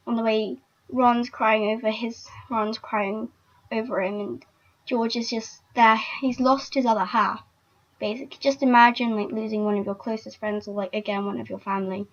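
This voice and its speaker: A woman's voice: a little high, fairly even intonation, moderate pace. A young woman vlogging casually, chatty and emotional, with lots of filler words. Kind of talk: casual fan vlog. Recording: dull lo-fi recording.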